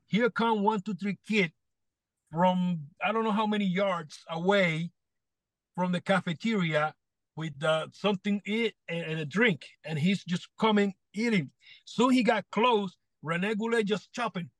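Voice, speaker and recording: Animated high-voiced Puerto Rican man. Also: normal speed, dry recording. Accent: Puerto Rican Spanish. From Puerto Rico. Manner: animated, acts out quotes, loose non-native grammar. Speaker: guest. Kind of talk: podcast storytelling.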